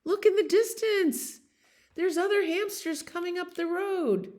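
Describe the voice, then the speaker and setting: A woman voicing an excited little pet hamster in a picture book, squeaky and eager as it calls out to its friends. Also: measured pace.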